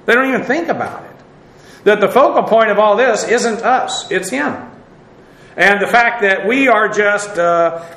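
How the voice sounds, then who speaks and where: A man's voice: high voice, pushed and bright, reverberant, rough recording. A man teaching a verse-by-verse Bible lesson, explaining at length with many filler uhs and restarts.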